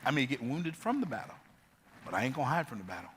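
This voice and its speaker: A man with a bright, forceful tone giving a preacher-like motivational talk. He tells stories from his own life with emphasis and builds toward the point. He often leaps into sudden high bursts. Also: sing-song, fast, a little hiss or hum. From United States. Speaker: motivational speaker.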